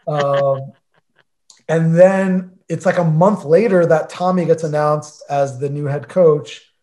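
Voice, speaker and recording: Man, forties, interview guest, casual storytelling, filler-heavy, higher-pitched voice. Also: slow, dark tone. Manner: chatty, filler-heavy, acts out quoted conversations.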